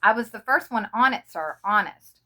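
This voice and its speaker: A teenage soldier, wet and desperate, pleading urgently with his officer, as a woman reading a story voices him. The tone is bright and pressing at a middle pitch. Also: lively intonation, moderate pace. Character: very young male soldier, pleading and upset.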